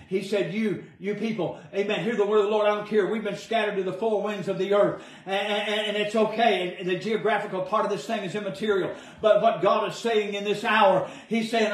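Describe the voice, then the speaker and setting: Male preacher, fiery shouting sermon, very high voice, recorded from afar in a roomy hall. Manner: shouting, exclaiming hallelujah and amen. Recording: echoey room, far from the mic.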